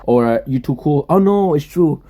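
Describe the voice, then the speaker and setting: A man's voice: on the high side, animated, normal speed, warm tone. A man streaming and chatting casually, joking around in profane, rambling banter. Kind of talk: casual chat.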